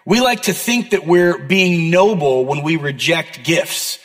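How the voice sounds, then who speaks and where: A young male pastor with a notably high voice delivers an earnest, conversational sermon, slipping in self-deprecating asides. His words ring out with a long reverb tail, as in a big church hall. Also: expressive, measured pace, a bit bright. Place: church auditorium.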